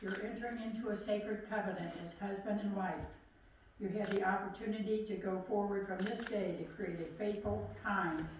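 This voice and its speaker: A woman leads a formal wedding ceremony in a measured, solemn voice. She is heard from far off in a very echoey room. Faint noise lies underneath. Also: medium pitch, a little mellow. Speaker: wedding officiant. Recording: echoey room, distant mic.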